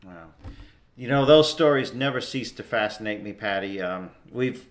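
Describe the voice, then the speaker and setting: A man's voice: lowish voice, normal speed. A man hosting a paranormal talk show, rambling with uh and um as he thanks his guest. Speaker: host. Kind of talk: casual show interview.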